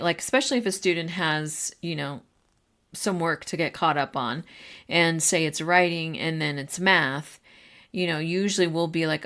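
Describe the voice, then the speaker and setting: A woman with a somewhat low voice speaks in a relaxed, conversational way. She hosts a podcast for teachers and addresses her listeners directly as she shares advice. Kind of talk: casual advice talk.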